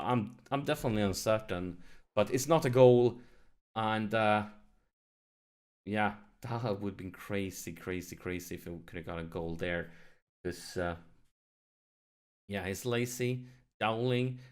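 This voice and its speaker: A man narrating his football management game, swinging from quiet muttering to shrieking excitement. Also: medium pitch. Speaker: let's play gamer. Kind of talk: excitable live game commentary.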